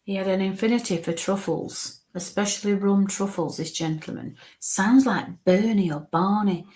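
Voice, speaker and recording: Hushed, halting woman medium. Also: mid-range voice. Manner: halting, coaxing, murmurs soft asides. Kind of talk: live spirit reading.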